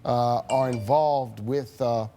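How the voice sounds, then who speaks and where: Deliberate male panel commentator. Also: medium pitch, steady tone, mellow, slight background noise. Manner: deliberate, searching for words, formal phrasing. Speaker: political commentator. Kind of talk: panel debate.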